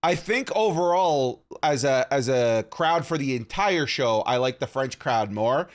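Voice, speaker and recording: A man from Canada co-hosting a podcast, talking in an excitable, animated way and often saying "dude". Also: medium pitch, measured pace. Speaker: podcast co-host. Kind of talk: casual chat.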